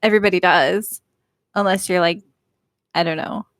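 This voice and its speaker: A woman's voice: lowish voice, steady tone, moderate pace, fairly bright tone, no echo, studio quality. A woman from Northern California chatting playfully on a livestream, laughing often. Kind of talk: casual livestream chat.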